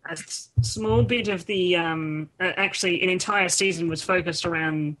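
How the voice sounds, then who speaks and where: A woman's voice: on the low side, moderate pace, fairly bright tone. Casting: woman host, casual online chat show, talks in loose bursts with restarts. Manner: chatty, restarts often. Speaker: podcast host. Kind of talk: casual group chat on a call. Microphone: home mic on a voice call.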